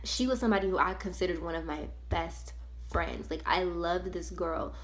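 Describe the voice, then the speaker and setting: A young adult woman vlogger recounting a personal story in a casual, animated, slangy way. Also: on the low side, normal speed. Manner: animated, slangy and conversational, with many fillers. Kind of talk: storytime vlog, casual retelling.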